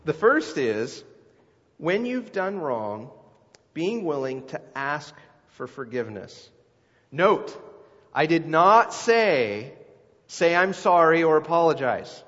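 A man's voice: on the high side, a bit bright. A middle-aged man preaching a sermon as a pastor, talking in a conversational way and putting questions to the congregation. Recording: dull sound with long hall reverb.

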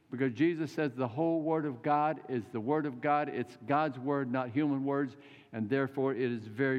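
An older man preaching a folksy, animated sermon in a church. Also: medium pitch. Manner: folksy, animated storytelling with acted quotes. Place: church sanctuary. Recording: muffled church recording with long reverb.

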